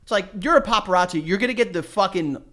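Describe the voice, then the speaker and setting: A man's voice: sits high, fast. A man co-hosting a podcast in casual, joking chat, swearing freely. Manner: profane, joking, mimics people in loud bursts. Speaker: podcast co-host.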